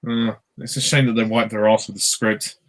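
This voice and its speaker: A man's voice: on the low side, level tone, a little fast. A man giving casual commentary on a film, mocking and bemused, laughing a lot.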